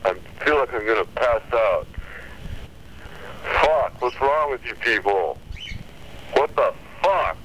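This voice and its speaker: A man's voice: mid-range voice, expressive, unhurried, pauses often, fairly bright tone, dull audio, slight background noise. A man leaving aggrieved, self-pitying, rambling messages on an answering machine.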